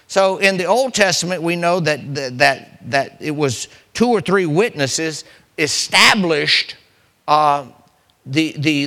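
A man preaching a sermon as pastor, restarting phrases and building to emphatic, slowed punchlines. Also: on the high side, bright, forceful tone.

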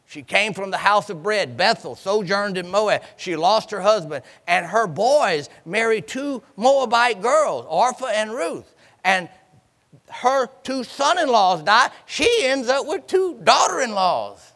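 High, animated preacher in a reverberant church. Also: male voice, measured pace. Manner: dramatic storytelling, acting out voices, call and response. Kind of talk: sermon.

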